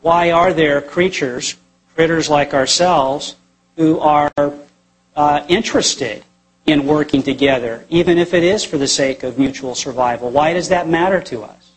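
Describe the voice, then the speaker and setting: A man answering an audience question in a formal debate, arguing in a deliberate way and pausing with fillers. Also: fairly high pitch, husky, low-quality recording.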